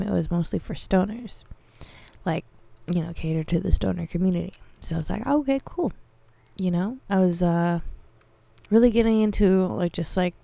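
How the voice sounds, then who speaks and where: A woman's voice: on the low side, creaky, dry recording. A young woman hosting a podcast, casually telling a story with heavy swearing and frequent laughter. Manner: profane, animated, laughs often. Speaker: podcast host.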